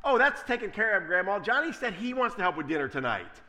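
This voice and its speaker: A man's voice: high voice, big pitch swings, fast, bright, forceful tone, voice pushed up, heavily acted. A man voicing a smug, tattling young girl in a sermon story, teasing in a sing-song way.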